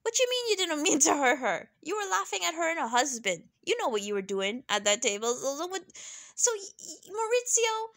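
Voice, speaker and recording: A young woman giving a casual, sassy recap of a reality TV episode, animated and laughing often. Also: sits high, moderate pace. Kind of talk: casual chatty commentary.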